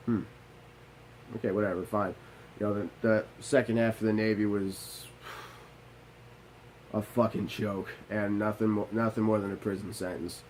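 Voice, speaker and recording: A man's voice: fairly low pitch, flat delivery, measured pace, pauses often, darkish tone, a little hiss or hum, low-quality recording. A young man, a Navy veteran, telling his own story in a candid monologue. He talks bluntly, swears freely and often restarts his sentences.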